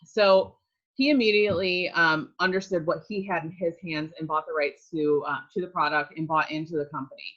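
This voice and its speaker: Woman, low voice, earnest testimonial, filler-heavy, slightly muffled recording. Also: steady tone, brisk, a bit bright. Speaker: network marketing distributor. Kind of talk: personal testimonial.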